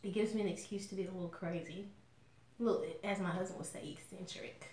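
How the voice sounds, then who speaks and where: A woman's voice: mid-range voice, fairly even intonation, quick pace, dark tone, slight background noise. A woman with a Southern drawl talks to her viewers in a folksy, outspoken way while she eats. Her voice sits in a middle register. The room around her is noticeably echoey. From Southern US, Alabama. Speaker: mukbang vlogger. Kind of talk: casual chat to viewers while eating.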